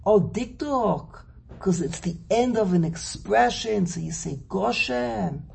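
A man teaching a Torah class, lecturing slowly and animatedly, teasing his students and repeating words as he thinks. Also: high voice, vocal fry, darkish tone, husky. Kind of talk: classroom lecture on Hebrew grammar and verses.

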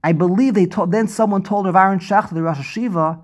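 A man hosting a casual chat over a video call, telling animated stories and laughing often. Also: sits high, fast, hardly any pauses. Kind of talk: casual conversation.

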